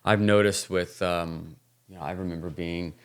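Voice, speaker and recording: Man, low-ish voice, podcast host, tells anecdotes, trails off mid-sentence. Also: fairly even intonation, moderate pace, smooth. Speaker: podcast host and music photographer. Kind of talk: casual podcast chat.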